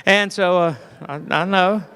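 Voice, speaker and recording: A man's voice: high-pitched, unhurried, pushed and bright, smooth. A middle-aged man with a Southern US accent, from Georgia, telling clean stand-up stories in a folksy, self-deprecating way with fillers. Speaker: comedian. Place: church hall. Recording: echoey hall.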